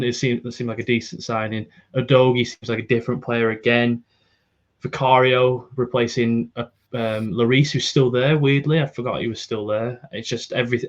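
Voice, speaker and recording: A man co-hosting a podcast, giving matter-of-fact football opinions in a measured way. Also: medium pitch, highs cut off. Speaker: podcast co-host. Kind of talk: casual football chat.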